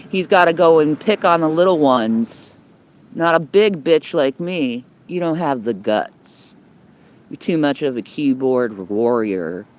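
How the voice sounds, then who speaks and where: A woman's voice: extremely low pitch, slight background noise. A woman speaks into her phone from the shelter of a building's overhang outdoors. She rants in a rambling, combative way, loading her talk with swear words and repeating phrases as she goes. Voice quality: heavy swearing, blunt and combative. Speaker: livestreamer. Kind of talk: homeless livestream rant. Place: outdoors under a building in the cold. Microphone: phone held by the speaker.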